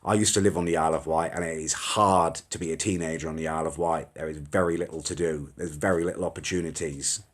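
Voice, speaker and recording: A man's voice: rumbling low, steady tone, quick pace, hardly any pauses. A young man hosting a casual live stream, rambling and reading out viewer comments with mild swearing. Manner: chatty, rambling, mild swearing, reacts to comments as they scroll. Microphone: phone or webcam live stream.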